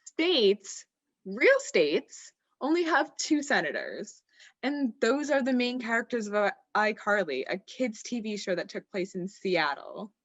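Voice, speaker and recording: A woman's voice: mid-range voice, very animated, a little slow. Skeptical woman host, lo-fi sound. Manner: skeptical, dry straight-man. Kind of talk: sketch comedy interview.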